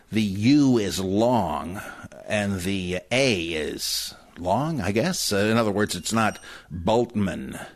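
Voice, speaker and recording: A man with a very low voice talks through his subject in a dry, wry way, full of fillers and spelled-out words. The sound is close and dry, with no room around it. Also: no room sound. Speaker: lecturer on biblical studies. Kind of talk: casual spoken commentary.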